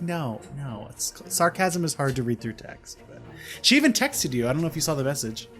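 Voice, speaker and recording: A man's voice: fairly high pitch, big pitch swings, fairly quick, fairly bright tone, soft background music. A young man co-hosting a podcast, chatting casually and teasing, with lots of fillers. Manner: joking, teasing, full of fillers. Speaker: podcast co-host. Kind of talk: casual chat.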